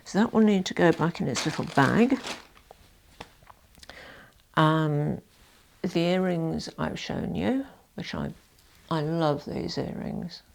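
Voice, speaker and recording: Woman vlogging, low gravelly voice, chatty and self-deprecating, lots of asides. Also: slow, long pauses. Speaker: fashion vlogger. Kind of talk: casual chat to camera.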